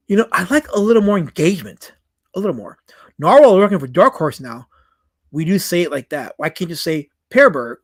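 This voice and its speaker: A middle-aged man chatting casually on a live stream about comic art, answering chat with wry asides. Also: sits high.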